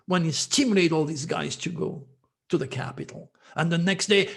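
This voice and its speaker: A man's voice: sits high, very animated, moderate pace. A man hosting his own channel as an astrologer, speaking in an emphatic, repetitive monologue that scolds his listeners.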